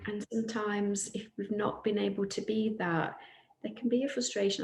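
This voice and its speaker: A woman's voice: medium pitch, little pitch movement, moderate pace, vocal fry, reverberant. A woman on a podcast, telling the story of a client session in a casual, earnest way and quoting what the client said. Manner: warm, earnest retelling of a client session, quoting her softly. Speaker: podcast co-host.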